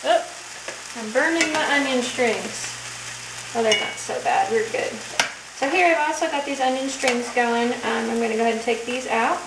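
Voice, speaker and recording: Talking at an ordinary pace with a higher-pitched voice, a woman enthusiastically walks through a recipe in her home kitchen. The recording has echo, distant pickup, and heavy frying sounds.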